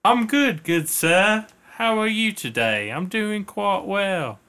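A man doing a mock British accent, jokey posh gent, high sing-song, bright tone. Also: expressive, takes it slowly, clear, resonant tone, exaggerated voice. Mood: playful.

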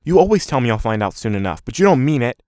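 A man's voice: fairly low pitch, quick pace, a little mellow, no room sound, studio quality, natural voice. A man voicing a curious, earnest son who is desperate to learn a family secret. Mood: pleading.

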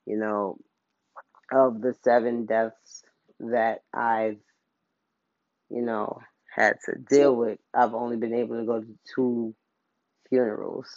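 A man speaks casually and at length about himself, wandering between thoughts and undercutting them with jokes at his own expense. His voice sits at a middle pitch. The recording is dull and muffled, with a dry, close sound. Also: no room sound. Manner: casual, rambling, self-deprecating humor. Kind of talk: candid personal monologue.

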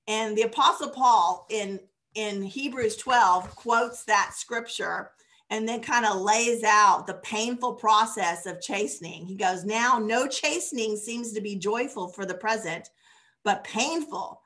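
Woman bible teacher, casual sermon delivery, chatty with fillers and soft laughs. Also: on the high side.

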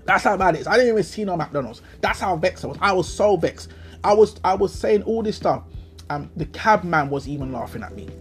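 A man's voice: high-pitched, expressive, fairly quick, faint music behind. A young man with a London accent hosting a solo podcast, telling a story as an indignant, slang-heavy rant full of rhetorical questions. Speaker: podcast host.

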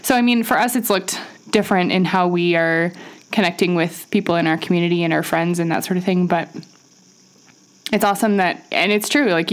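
A woman co-hosting a podcast, chatting casually in a warm, encouraging way. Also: lowish voice. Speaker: podcast co-host.

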